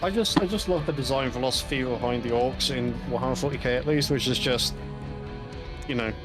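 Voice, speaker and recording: A man rambling through a casual chat with wry, sweary asides, sometimes slowing down and sometimes rushing. His pitch is middling, and soft music sits behind him. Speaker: stream co-host, hobby painter.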